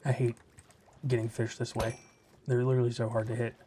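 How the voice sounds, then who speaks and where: A man's voice: mid-range voice, level tone, fairly quick, noisy background. A man hosting a Minecraft let's play, giving casual, laid-back commentary and thinking aloud as he plays.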